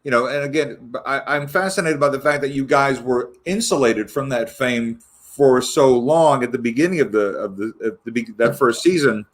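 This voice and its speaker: A man's voice: mid-range voice, moderate pace, few pauses. A man interviewing a guest, asking long, winding questions in a conversational tone.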